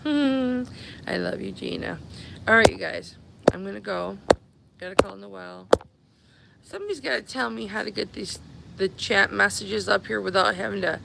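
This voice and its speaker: In a very noisy clip, a woman with a gravelly, medium-pitched voice talks at a moderate pace. Her flight was cancelled, so she's live-streaming from the airport on her phone, chatting fondly with followers and calling them babies and honey.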